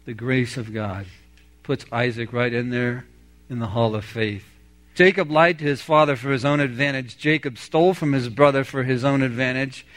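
A man preaching an expository sermon, reading scripture aloud and commenting on it with emphasis. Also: mid-range voice.

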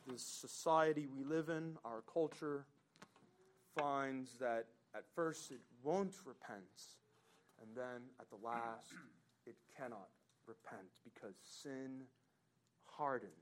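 A male pastor preaching a sermon, slow and dramatic, swinging between loud emphasis and hushed, low passages. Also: a little hiss or hum.

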